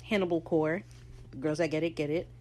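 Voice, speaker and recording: A woman hosting a podcast, recapping a TV episode in casual, opinionated talk and slipping into quick character voices. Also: deep voice, fairly even intonation, noisy background. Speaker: podcast host.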